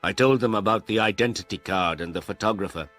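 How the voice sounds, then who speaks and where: A man narrating a storybook for English learners in a slow, clear, deliberate way. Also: lowish voice, fairly bright tone, soft background music.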